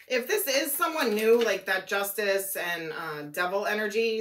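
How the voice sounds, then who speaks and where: A woman reading tarot cards aloud, musing and thinking out loud as she goes, her voice a little worn and hoarse. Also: medium pitch, unhurried, hardly any pauses. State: losing her voice. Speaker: tarot reader.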